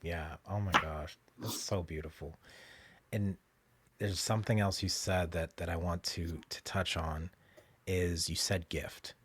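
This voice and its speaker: A man's voice: low voice, steady tone, unhurried, fairly bright tone, husky, no room sound. A man hosting a podcast interview, asking searching questions and often restarting mid-sentence. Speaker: podcast host. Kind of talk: conversational interview.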